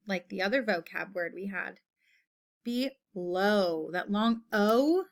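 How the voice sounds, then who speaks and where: Female teacher, slightly high voice, slow deliberate delivery for a children's word lesson. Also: fairly bright tone. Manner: slow, patient, repeats each word with example sentences.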